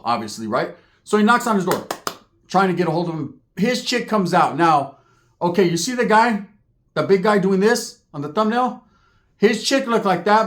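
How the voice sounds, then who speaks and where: Animated man telling a profane comic story. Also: high voice. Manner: animated, acts out characters, constant "right?" tags.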